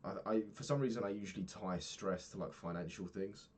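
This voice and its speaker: Low-voiced young man rambling casually. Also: fairly quick, darkish tone, slightly rough. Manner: rambling, frank, swears casually, many fillers. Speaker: vlogger. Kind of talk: casual daily vlog monologue.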